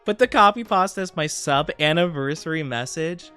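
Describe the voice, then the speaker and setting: A man's voice: fairly high pitch, expressive, normal speed, bright, forceful tone, clear, resonant tone, soft background music. A bubbly, giggly young man chatting casually with his live-stream audience. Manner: bubbly and giggly, talking straight to chat.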